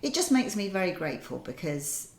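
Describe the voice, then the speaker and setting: An older woman co-hosting a podcast, chatting in a lively, thoughtful way with pauses. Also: on the low side, roomy sound, rough recording. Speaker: podcast co-host. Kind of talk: casual chat. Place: kitchen.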